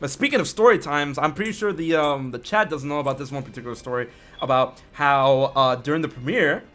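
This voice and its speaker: Podcast host, man: fairly high voice, excitable, slangy, laughs a lot. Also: a little fast, soft background music. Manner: excitable, laughs often, lots of fillers like "yo". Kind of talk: casual podcast chat.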